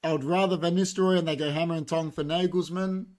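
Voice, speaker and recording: A young Australian man co-hosting a casual football chat on a livestream, animated and quick to jump in, reading out viewer comments. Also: fairly high pitch. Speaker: podcast co-host.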